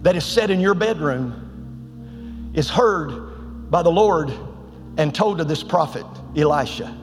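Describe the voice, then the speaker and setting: A man's voice: fairly high pitch, expressive, slow, soft background music. A man voicing a nervous male servant who explains hesitantly to his king, in a church hall. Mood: explaining.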